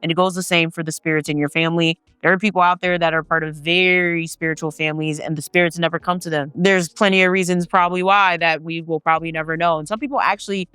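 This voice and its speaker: A woman reads listeners' stories aloud in a bright, smooth voice and keeps stopping to react in loose, slangy chat. The sound is dry and close, with faint music underneath. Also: on the low side, fairly even intonation, fast, few pauses, no room sound. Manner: chatty, slangy asides between read passages. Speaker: host reading viewer stories. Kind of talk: reading stories aloud with casual commentary.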